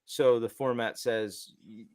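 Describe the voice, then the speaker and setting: A man's voice: medium pitch, steady tone, slow, a little mellow, clean tone, no room sound, studio quality. A man co-hosting a developer podcast, telling stories in a casual, rambling way with many restarts. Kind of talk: casual tech chat.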